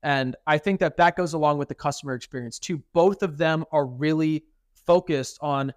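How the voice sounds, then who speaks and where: A young man co-hosting a podcast in casual chat, telling stories with lively acted quotes. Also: fairly high pitch, normal speed, dry recording, clean studio sound. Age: young adult. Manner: animated storytelling, quotes others in acted voices. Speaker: podcast co-host.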